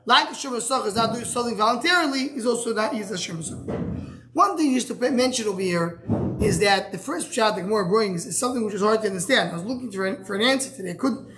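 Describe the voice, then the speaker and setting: A man's voice: sits high, animated, fast, a bit bright. Style man teaching a Talmud class. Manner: thinks aloud with many restarts, fields student questions.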